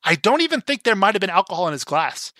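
A man's voice: high-pitched, very animated, fast talker, pushed and bright, no room sound. A young man casually recapping a film scene, chatty and rambling with lots of fillers and acted-out quotes. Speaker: film discussion co-host.

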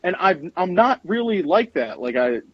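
A man's voice: sits high, sing-song, normal speed, husky, highs cut off. A man from the Philadelphia area with a Philly accent, calling into a show with a rambling, self-deprecating story. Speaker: caller.

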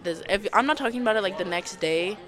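A young adult woman co-hosting a casual podcast chat. She rambles and fills her talk with "like" and quick asides. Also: mid-range voice, lively intonation, crowd noise. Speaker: podcast co-host. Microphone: podcast mic.

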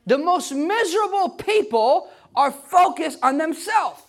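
A man preaching a sermon in an emphatic style, building up to shouts at its peaks. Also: extremely high pitch, animated, slow pace.

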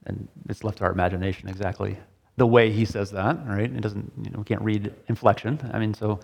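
A man's voice: lowish voice, fairly even intonation, a little fast, creaky. A middle-aged man leading a sermon discussion, talking casually and often checking in with "right?" as he asks the group questions. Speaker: pastor. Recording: long hall reverb.

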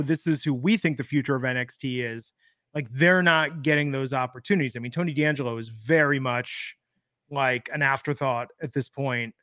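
A man's voice: on the high side, a bit bright, no echo, clean studio sound. A man in his thirties co-hosting a casual podcast, rambling and thinking aloud with fillers. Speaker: podcast co-host. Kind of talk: casual wrestling podcast chat.

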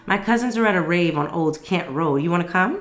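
A woman's voice: fairly low pitch, expressive, a little fast, lightly acted. A woman voicing a brash, outspoken young woman. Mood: chatty. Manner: blunt, confrontational, slangy.

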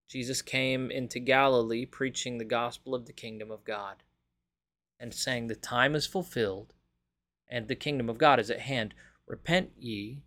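A man hosting a daily Bible reading, praying and reading scripture aloud in a measured, reverent way. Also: mid-range voice, fairly bright tone.

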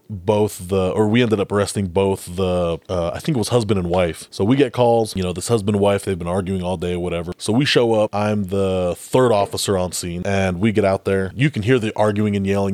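A man's voice: fairly low pitch, darkish tone, dry recording. A man, a police officer, casually telling a story about a call on a podcast. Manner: laid-back, swears casually.

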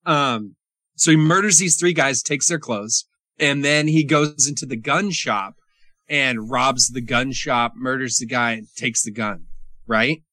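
Bright-voiced man chatting casually. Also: medium pitch, unhurried, dry recording. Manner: laughs often, trails off into quoting scenes. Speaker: podcast co-host reviewing movies. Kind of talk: casual chat.

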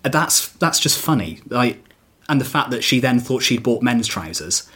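Husky-voiced man musing on comedy craft. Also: medium pitch, big pitch swings, a little slow, pushed and bright. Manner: reflective, rambling with fillers and restarts. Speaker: stand-up comedian guest. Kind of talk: casual podcast chat.

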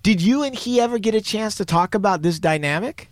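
A man's voice: high voice, lively intonation, brisk, no echo, clean studio sound. A man hosting a podcast interview in a supportive, reflective way, asking thoughtful questions. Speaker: podcast host. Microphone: studio mic.

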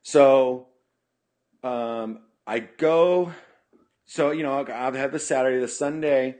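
A man from California, a punk musician appearing as a podcast guest, speaks slowly in a mid-range, slightly mellow voice. He tells a long casual story, acting out quoted lines and often saying "you know," captured on a podcast studio mic.

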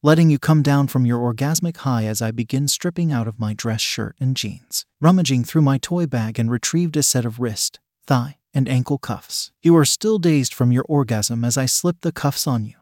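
A man narrating an intimate second-person audio story, with a stern, dominant, low growling delivery. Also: a little mellow, no room sound, studio quality.

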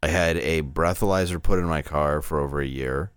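A man's voice: extremely low pitch, a little fast, clear, resonant tone, no echo, studio quality. A man in his thirties, a stand-up comedian, telling candid, rambling stories in a casual interview.

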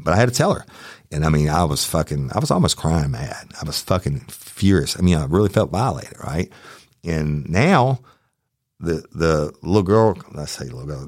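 A man's voice: very deep voice, dry recording, studio quality. A middle-aged man, hosting a true crime podcast and telling a story in a heated, profane way. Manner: profane, heated, animated retelling. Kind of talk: storytelling, casual monologue.

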